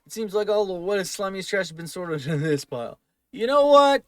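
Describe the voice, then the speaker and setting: A man's voice: high-pitched, expressive, a little fast, no echo, studio quality, soft background music. A man giving let's play commentary, thinking aloud and muttering through item lists. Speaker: gaming video host.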